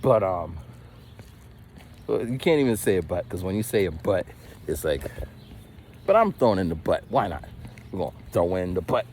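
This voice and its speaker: Animated, rambling man in his forties. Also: low voice, moderate pace, long pauses, a little hiss or hum. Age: 40s. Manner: animated, rambling, with frequent stammered restarts. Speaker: vlogger. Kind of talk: casual storytelling while walking. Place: outdoors, walking.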